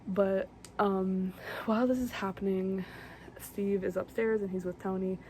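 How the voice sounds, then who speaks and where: A woman's voice: mid-range voice, steady tone, unhurried, dark tone, slight background noise. A young woman casually recapping a film in a rambling, chatty way, full of fillers and asides. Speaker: vlogger recapping films.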